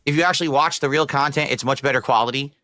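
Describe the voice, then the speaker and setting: A man's voice: medium pitch, fast talker, bright, forceful tone. A man ranting on camera in an exasperated, profane way about fighting games. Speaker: video creator. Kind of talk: ranting video commentary.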